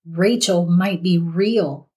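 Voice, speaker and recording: A gruff, stubborn young man who swears freely and refuses to budge, as a woman narrator puts him on. The voice is low-set and unhurried, slowed down and heavy, like a character in a read-aloud horror tale. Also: a little mellow. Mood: excited. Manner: gruff, cursing.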